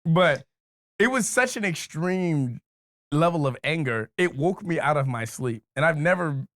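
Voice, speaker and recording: A man co-hosting a podcast, telling a story in casual chat, animated, laughing often and swearing a lot. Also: a little high, measured pace, no room sound, studio quality. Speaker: podcast co-host.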